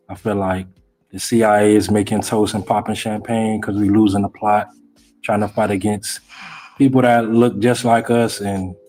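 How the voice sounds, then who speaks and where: Low, flat-voiced male caller. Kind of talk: casual live-stream call-in.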